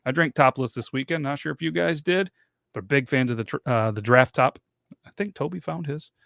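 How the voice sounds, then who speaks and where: A man's voice: medium pitch, a little fast, gravelly, a bit bright, no echo. A man in his late thirties hosts a podcast in loose, rambling chat. He swears freely and laughs often, and his voice sits in the middle of the male range. The sound is close and dry. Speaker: podcast host.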